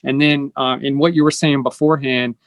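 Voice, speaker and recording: A man's voice: medium pitch, fairly even intonation, fairly quick, no echo. Earnest male host, dry close sound. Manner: earnest, explanatory, with fillers. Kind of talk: casual conversation.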